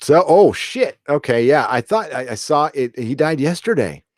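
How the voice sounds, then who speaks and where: A man's voice: a little high, animated, moderate pace, no room sound, clean studio sound. A man hosting a live stream, reading viewer comments and rambling casually with lots of fillers, restarts and swearing. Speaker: host of a live chat show.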